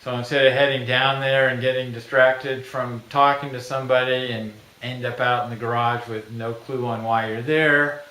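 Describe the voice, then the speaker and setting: A middle-aged man pitching his own invention in a plain, folksy way, acting out little everyday scenes. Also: flat delivery, normal speed, few pauses, bright, forceful tone. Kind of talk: product pitch video. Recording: echoey room.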